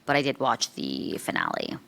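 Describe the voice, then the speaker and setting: Low-voiced opinionated woman co-host. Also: huge pitch swings, vocal fry, a bit bright. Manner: opinionated, quick banter. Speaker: podcast co-host. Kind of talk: casual chat.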